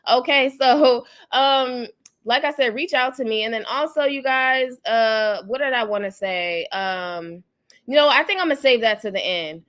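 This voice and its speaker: A woman hosts a livestream on her YouTube channel, rambling casually about celebrity gossip and greeting viewers in the chat. Her voice is fairly high-pitched and a bit bright, at a normal speed.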